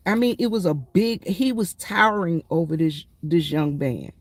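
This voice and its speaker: A woman's voice: fairly low pitch, normal speed, no echo. Emphatic woman veteran telling stories. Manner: emphatic, addresses viewers as y'all. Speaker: military veteran vlogger. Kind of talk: casual storytelling monologue.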